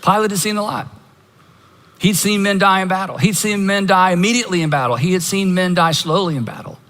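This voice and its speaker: Dramatic preacher in a reverberant hall. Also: male voice, sits high, a little fast, a bit bright. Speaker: pastor. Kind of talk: sermon.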